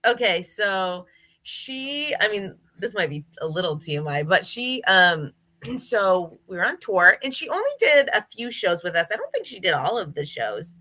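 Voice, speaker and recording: A woman's voice: mid-range voice, big pitch swings, moderate pace, sharp tone. A woman guest in a casual interview, telling stories in a chatty way with many fillers and restarts. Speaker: interview guest, former gymnast.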